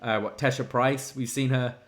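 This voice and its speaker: A man's voice: medium pitch, fairly even intonation, moderate pace. A man co-hosting a wrestling review podcast, recapping the show in casual chat with wry asides. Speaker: podcast co-host.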